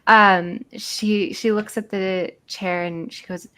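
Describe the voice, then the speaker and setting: A woman runs a tabletop game, describing the scene in loose, casual narration. Her voice sits at a middling pitch, and she pauses to think aloud between phrases. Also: fairly even intonation, fairly bright tone. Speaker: game master.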